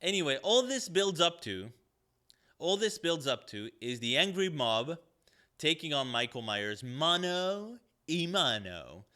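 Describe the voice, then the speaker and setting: Bright-voiced man ranting in a sarcastic review. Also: a little high. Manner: sarcastic, profane, rambling with many fillers. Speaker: podcast movie reviewer.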